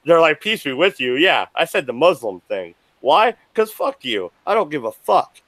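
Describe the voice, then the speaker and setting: A man hosts a live stream from his desk at home, a little buzzed and worked up. He rants in an angry, profane way, his pitch swinging widely from high outbursts to low grumbles. The sound is dry and close. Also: sing-song, moderate pace, no echo. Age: adult with children. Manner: angry, profane, swings between shouting and muttering. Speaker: livestream host.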